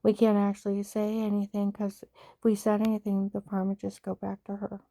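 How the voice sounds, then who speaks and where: A woman's voice: mid-range voice, completely flat delivery, moderate pace, dark tone, no echo, studio quality. A woman delivering an angry personal monologue, indignant and emphatic, who says she stutters when upset. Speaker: vlogger.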